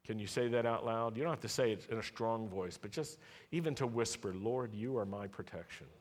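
A male pastor leading his congregation in prayer during a sermon, slow and deliberate, with repeated call-and-response lines. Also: mid-range voice. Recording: long hall reverb.

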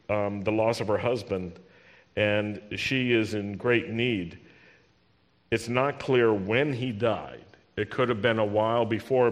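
A man preaching a sermon in a measured, unhurried way, his voice sitting a little low. He reads scripture and has the congregation repeat lines after him. His words ring with the long reverb of a large hall. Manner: slow, deliberate Bible teaching with call-and-response.

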